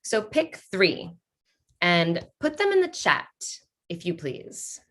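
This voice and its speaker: A woman's voice: on the low side, wildly swooping pitch, slow, a bit bright. A woman leading an online workshop over a video call, playful and upbeat as she reads out answers from the chat. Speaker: workshop leader.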